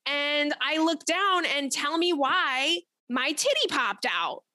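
A woman's voice: sits high, sing-song, slow pace, sharp tone, no room sound. A young woman hosting a podcast, telling stories in casual chat, blunt and profane with lots of energy. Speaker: podcast host.

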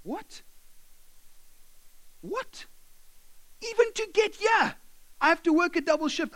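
A man voicing an indignant, overworked male slave in an early church, ranting in rapid, exasperated questions. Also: high-pitched.

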